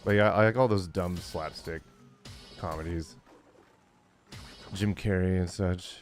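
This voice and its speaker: A man's voice: low voice, unhurried, long pauses, faint music behind. A man in his forties, tired, chatting casually and rambling with lots of fillers while streaming a game. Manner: rambling, many fillers, chuckling often. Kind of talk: casual gaming livestream chat.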